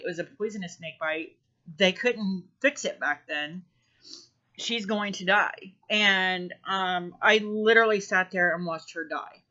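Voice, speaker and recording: Bright-voiced woman telling a personal story. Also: medium pitch. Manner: halting, many ums and restarts. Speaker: spiritual vlogger. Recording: dull lo-fi recording.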